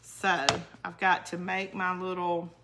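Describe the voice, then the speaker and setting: Woman doing a crafting livestream, kinda low voice, chatty and laughy, answers comments as she goes. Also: completely flat delivery, measured pace, background noise. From northern United States. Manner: chatty, laughs often, talks back to viewer comments. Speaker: crafting channel host. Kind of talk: casual livestream crafting chat.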